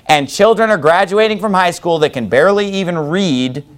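A man preaching a sermon to his congregation, sarcastic and mocking, with quick asides. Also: high voice. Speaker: pastor. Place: church building with congregation.

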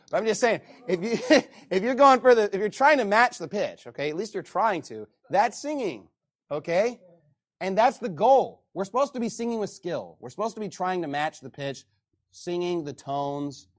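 A man preaching a sermon as pastor, animated, often reading scripture aloud to the congregation. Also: high voice.

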